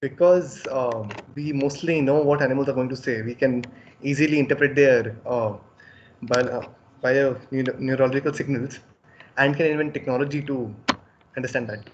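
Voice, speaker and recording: A man's voice: mid-range voice, steady tone, normal speed, highs cut off, slight background noise. A man answering as a podcast guest, hesitant and thoughtful, with many ums. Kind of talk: casual podcast chat.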